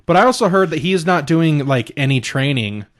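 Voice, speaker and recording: A man's voice: on the high side, expressive, brisk. A young man co-hosting a casual podcast, rambling through a recap with plenty of swearing and restarts. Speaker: podcast co-host. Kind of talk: casual chat.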